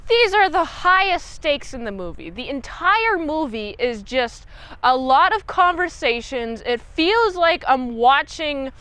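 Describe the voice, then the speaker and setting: A woman recapping a movie in a casual chat, animated and playfully mocking, bursting into squealing impressions. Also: sits high. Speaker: movie reviewer.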